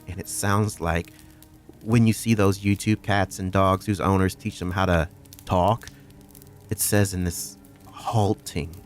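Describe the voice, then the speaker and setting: A man narrating a first-person horror story in a profane, conversational way. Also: on the low side.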